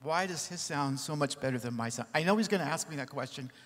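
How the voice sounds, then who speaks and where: Animated storytelling man in a hall. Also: a little high, fast talker. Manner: animated storyteller, lively asides. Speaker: record producer on a panel. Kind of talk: anecdotal panel talk. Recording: long reverb in a large hall.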